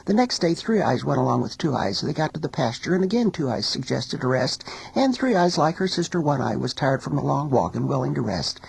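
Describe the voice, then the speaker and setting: A woman teacher telling a folk tale in a recording studio, as an expressive storyteller. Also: a bass voice, creaky, slightly rough, dry recording, low-quality recording. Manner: expressive storyteller, sings small refrains slowly.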